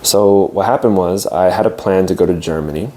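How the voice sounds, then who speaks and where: Young male teacher, low mellow voice, reflective casual storytelling with frequent hesitations. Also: brisk, a little hiss or hum. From United States. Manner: reflective, hesitant with fillers and restarts. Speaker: English teacher.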